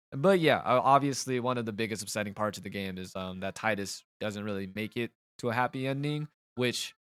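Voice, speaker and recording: A man talks over a video game in a frustrated, rambling way, full of stops and restarts. His voice sits in a middle pitch. The sound is dry and close, with little room echo. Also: fairly bright tone. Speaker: gaming channel host. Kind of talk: let's play commentary.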